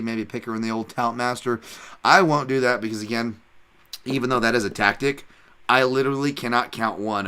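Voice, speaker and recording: A man's voice: on the low side, pushed and bright, smooth. Blunt, profane man from Hawaii hosting. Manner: blunt, profane, rambling with restarts. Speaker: podcast host. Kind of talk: casual podcast chat.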